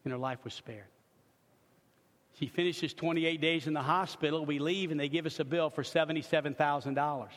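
Middle-aged guy preaching, pretty high voice, jumps from loud to quiet, jokey asides, big echoey church hall. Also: fairly quick. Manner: animated, swinging from loud emphatic bursts to hushed low narration; humorous asides, repeats words when building a point. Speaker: pastor. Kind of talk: sermon with personal storytelling. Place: church sanctuary. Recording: long reverb of a church hall.

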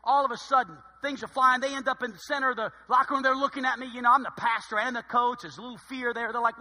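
A middle-aged man preaching a sermon as pastor, telling stories in an animated way that swings between loud bursts and quiet asides. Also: extremely high pitch, fast talker, few pauses. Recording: long reverb of a large hall.

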